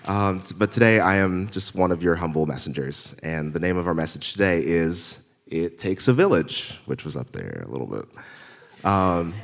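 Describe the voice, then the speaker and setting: A man delivering the Sunday message at church in a relaxed, self-deprecating way, improvising with gentle humor. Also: sits low, moderate pace, creaky. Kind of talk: informal sermon. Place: church sanctuary.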